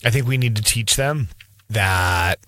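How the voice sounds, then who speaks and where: A man's voice: lowish voice, unhurried, fairly bright tone, no echo. Blunt, self-deprecating man, dry close sound. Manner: repeats words when starting a thought. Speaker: vlogger, parent. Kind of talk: casual advice monologue.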